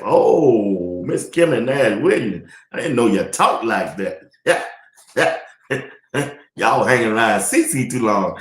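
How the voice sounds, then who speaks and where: Man, live sports talk host, laughs a lot, loose slangy chat, forceful bright tone. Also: medium pitch, animated, slow pace. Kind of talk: casual live-stream chat reading comments. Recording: echoey room.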